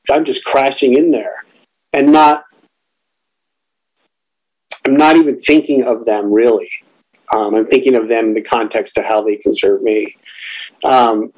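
A middle-aged man candidly telling a personal story, reflective and halting, often restarting his sentences. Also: medium pitch, darkish tone, poor audio. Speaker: guest sharing a recovery story.

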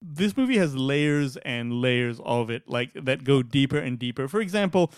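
A man co-hosting a casual film chat, excitable and swearing freely, often trailing off mid-sentence. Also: mid-range voice, moderate pace, smooth, no room sound, studio quality. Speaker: podcast co-host.

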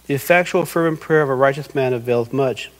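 A man's voice: mid-range voice, quick pace, rough recording. A middle-aged man preaching a sermon as pastor, earnest and acting out quoted voices.

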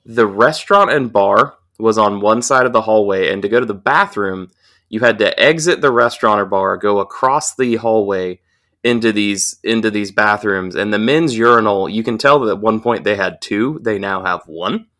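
A man's voice: lowish voice, moderate pace. A young man casually telling a rowdy, profanity-laced story on a podcast. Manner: profane, animated anecdote telling. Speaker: podcast co-host.

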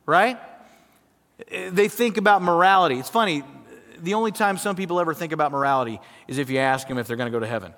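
A man preaching a sermon as pastor, emphatic, swinging from loud to hushed and acting out quoted voices. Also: on the high side, quick pace, in a large hall.

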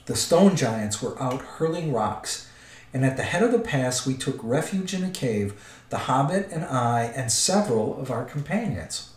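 A man's voice: medium pitch, big pitch swings, moderate pace, natural voice. A man voicing a polite, crafty old male wizard, coaxing and careful, in a roomy recording. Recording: roomy echo.

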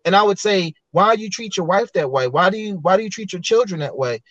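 High-voiced earnest man, dull dry audio. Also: expressive, fast talker, fairly bright tone, no room sound. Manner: earnest, reflective, many restarts. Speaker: podcast guest. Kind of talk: candid personal storytelling.

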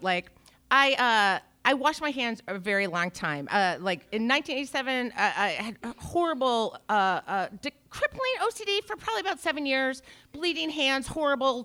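A woman in her forties telling a brash, profane stand-up story, swinging from low mutters to shouts. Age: 40s. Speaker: stand-up comedian.

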